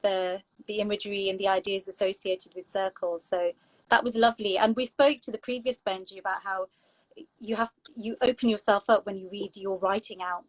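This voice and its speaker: A woman's voice: mid-range voice, steady tone, fairly quick, no echo, poor audio. A woman hosting an online open mic over a video call, speaking in an encouraging, supportive way. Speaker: host.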